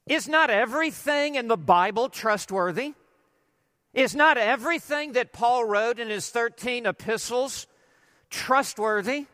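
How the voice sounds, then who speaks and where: A man preaching an expository sermon, emphatic and deliberate, asking rhetorical questions and stressing key words. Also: very high-pitched, a bit bright, in a large hall. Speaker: pastor.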